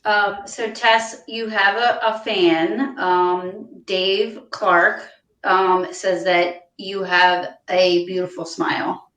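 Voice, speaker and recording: A woman's voice: on the low side, fairly even intonation, slow pace, a bit bright. A woman hosting a video call chat, friendly and hesitant, with many fillers. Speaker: podcast host. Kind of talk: casual chat. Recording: echoey room, distant from mic.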